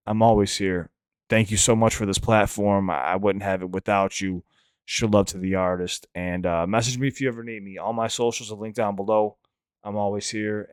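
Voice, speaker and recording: A man's voice: fairly low pitch, clear, resonant tone, dry recording, studio quality. A man hosting a reaction channel who also raps. He gives casual, candid commentary that rambles, restarts often and swears freely. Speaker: reaction channel host and rapper.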